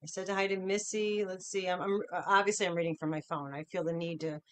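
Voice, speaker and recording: A woman's voice: fairly low pitch, fairly even intonation, quick pace, a crowd in the background. A middle-aged woman hosting a casual livestream from home, chatting upbeat and greeting viewers by name one after another. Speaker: livestream host.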